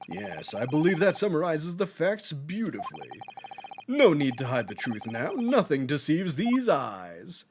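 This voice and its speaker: A man voicing a pompous, eccentric gentleman detective, reading game dialogue with grand, drawn-out theatrical delivery. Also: fairly high pitch, huge pitch swings, noisy background. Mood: smug. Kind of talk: game dialogue read aloud.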